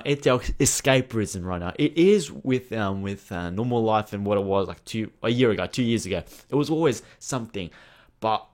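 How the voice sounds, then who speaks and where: Sweary, rambling football fan vlogger, a man. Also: lowish voice. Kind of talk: casual rant to camera.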